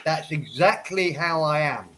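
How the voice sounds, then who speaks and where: A man's voice: on the high side, animated, measured pace, bright, forceful tone, slight background noise, rough recording. A man hosting a casual livestream chat, stuffed up from a head cold and a few whiskeys in, rambling and restarting his words. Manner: tipsy after a few whiskeys. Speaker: livestream host. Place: home office.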